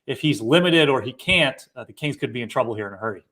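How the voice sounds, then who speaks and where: A man with a mid-pitched voice delivers an injury update for bettors. He is matter-of-fact and leans on statistics. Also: expressive, quick pace, a bit bright. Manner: matter-of-fact, stat-heavy. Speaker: sports betting analyst. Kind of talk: injury report for betting.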